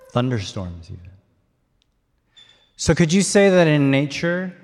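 Man preaching in a reverberant hall. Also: mid-range voice. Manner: leads the congregation in call-and-response, rising to excited shouts. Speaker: pastor. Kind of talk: interactive sermon. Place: church hall.

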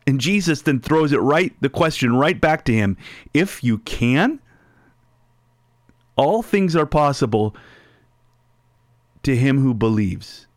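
A male pastor delivering a sermon at a slow, unhurried pace. He reads scripture aloud and then explains it line by line. His voice sounds close and dry, with little room echo. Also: mid-range voice, expressive.

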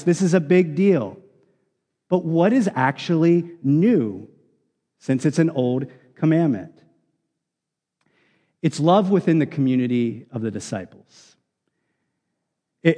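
A man's voice: mid-range voice, a little mellow, big-room sound. A man preaching a sermon, explaining scripture in an earnest, emphatic teaching manner with frequent restarts. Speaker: pastor.

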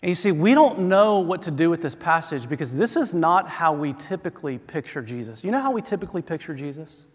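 Higher-pitched pastor in a reverberant church. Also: male voice, animated, fairly quick, hardly any pauses. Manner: conversational, self-deprecating humor. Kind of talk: sermon. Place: church sanctuary. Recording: long hall reverb.

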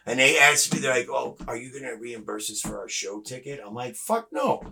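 Bright-voiced man telling a wild story. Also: mid-range voice, a little fast, creaky. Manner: animated, swears freely, acts out dialogue. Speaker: guest. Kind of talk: casual storytelling chat.

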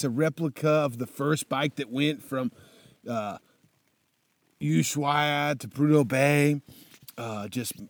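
A man's voice: mid-range voice, a little mellow, dry recording. A young man casually telling a motorcycle trip story, laid-back and swearing constantly, with lots of fillers.

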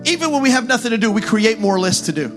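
A man preaching a sermon as pastor, talking the crowd through points and rising into fervent, shouted calls. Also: very high-pitched, lively intonation, quick pace, over music.

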